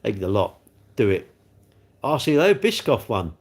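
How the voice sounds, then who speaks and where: A man's voice: on the low side, very animated, normal speed, a little mellow, slightly rough. A middle-aged man from England with an English accent, chatting casually on a livestream, rambling and poking fun at himself as he reads out comments. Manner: rambling, chatty, self-mocking. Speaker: livestream host.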